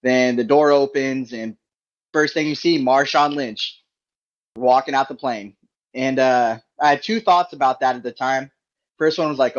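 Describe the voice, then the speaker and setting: Easygoing man, mid-pitched voice, lo-fi. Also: steady tone, normal speed. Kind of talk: casual chat. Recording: dull lo-fi audio.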